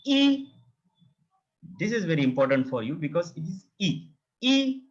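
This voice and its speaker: A man's voice: on the high side, animated, fast, slightly rough. A man teaching a beginner language lesson, repeating each word several times. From India. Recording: dull, lo-fi sound.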